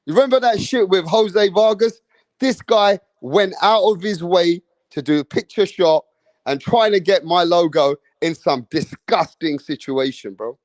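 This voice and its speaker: A man's voice: sits high, unhurried, no echo. A man ranting in a boastful, profane and heated way as a boxing YouTuber. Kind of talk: ranting commentary.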